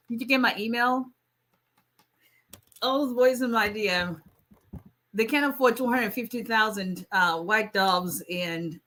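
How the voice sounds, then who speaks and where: A woman's voice: medium pitch, pushed and bright. A woman, an immigration attorney casually chatting and joking with viewers on a live stream, laughing often and teasing.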